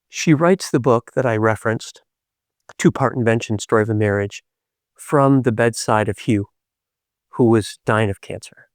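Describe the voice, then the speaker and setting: A man hosting a podcast, telling reflective spiritual stories in an animated, playful way with many hesitations. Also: medium pitch, normal speed, no room sound, clean studio sound. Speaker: podcast host.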